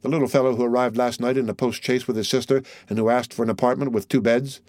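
A man reading an audiobook, voicing a calm, careful male innkeeper. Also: medium pitch, fast, dry recording, lightly acted. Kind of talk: audiobook character voice.

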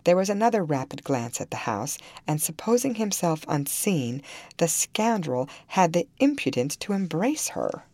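A woman narrating a classic novel in an expressive, dramatic reading style. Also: lowish voice, normal speed, no echo. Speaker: audiobook reader. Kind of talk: storybook narration.

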